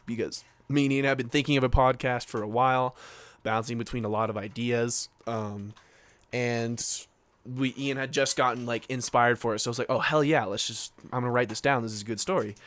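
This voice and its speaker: A man's voice: mid-range voice, clear, resonant tone, dry recording. A young man co-hosting a podcast, telling a story casually with lots of filler words and swearing. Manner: animated, swearing, many filler likes. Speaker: podcast co-host.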